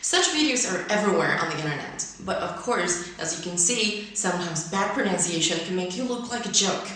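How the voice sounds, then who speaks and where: A woman hosting an English lesson, explaining her points clearly and listing them one by one. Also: on the low side, animated, brisk, fairly bright tone. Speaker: host and English teacher. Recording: echoey room, mic far away.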